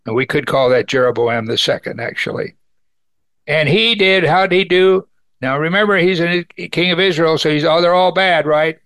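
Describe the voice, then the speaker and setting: A man's voice: normal speed, a bit bright, no room sound. A man teaching an evening Bible study, earnestly reading scripture aloud and lifting his voice to stress key points. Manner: earnest, rises in pitch for emphasis, reads scripture aloud.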